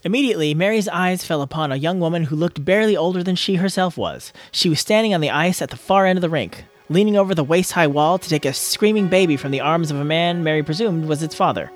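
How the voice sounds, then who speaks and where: Man, audiobook narration, steady storytelling, slightly high voice, faint music in the background. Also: fast, few pauses. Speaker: guest reader. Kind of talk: audiobook reading of a novel chapter.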